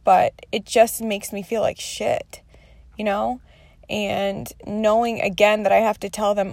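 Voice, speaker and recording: A woman's voice: mid-range voice, little pitch movement, a little slow, vocal fry, a little mellow, dry recording. A woman in her thirties talking candidly through her day in a rambling, confessional vlog, swearing freely. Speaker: mother sharing her day.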